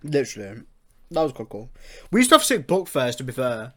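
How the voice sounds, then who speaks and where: A man's voice: medium pitch, sing-song, brisk, crowd noise. A young man from England hosting a casual podcast chat, swearing freely and laughing with his friend. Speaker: podcast host.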